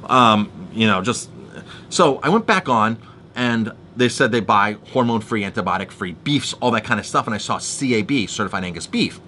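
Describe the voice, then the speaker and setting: A man's voice: lowish voice, moderate pace, a little hiss or hum. A man telling a heated story in a casual monologue, with many restarts, acting out the people he argued with. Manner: animated storytelling, restarts, acts out quoted exchanges.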